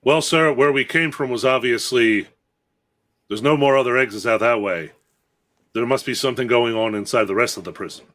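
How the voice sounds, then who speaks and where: A man's voice: mid-range voice, normal speed, fairly bright tone, close to an everyday voice. A polite soldier bluffs his way along, deferring to his officer at every turn, as a man plays him in a tabletop game. It stays close to an everyday speaking voice. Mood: deferential. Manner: polite, deferential, keeps saying sir.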